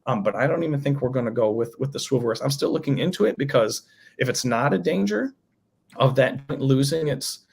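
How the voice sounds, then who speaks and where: Gravelly raspy guy, gushing about toys on a podcast, loose and chatty. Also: medium pitch, lively intonation, fairly quick. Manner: enthusiastic, rambling explanations. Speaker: toy designer guest. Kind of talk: casual podcast chat.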